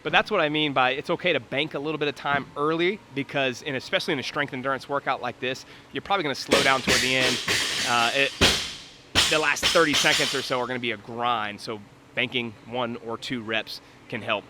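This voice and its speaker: A man's voice: mid-range voice, fairly even intonation, a little fast, heavy background noise. A man coaching and commenting live on a workout in a gym, explaining technique and calling out times.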